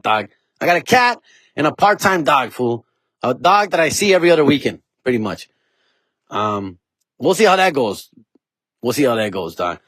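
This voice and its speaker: A man's voice: mid-range voice, expressive, moderate pace, pauses often, a bit bright, no room sound. A middle-aged man, telling stories as a comedian hosting his own podcast, slangy and laid-back, slipping in Spanish phrases. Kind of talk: casual solo storytelling.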